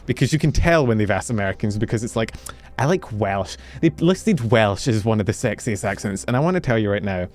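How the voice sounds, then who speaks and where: A man's voice: lowish voice, animated, fast talker, few pauses. A young man from the UK, a streamer chatting casually and rambling in a jokey, self-mocking way while he plays. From United Kingdom. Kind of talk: casual chat while gaming.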